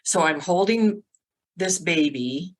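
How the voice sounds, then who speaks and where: A middle-aged woman, a sobriety coach, telling her story as a podcast guest in a lively way, acting out the voices of others and filling her talk with "like". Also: fairly low pitch, slow, poor audio. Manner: animated, acts out quotes, many "like" fillers. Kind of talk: casual storytelling interview.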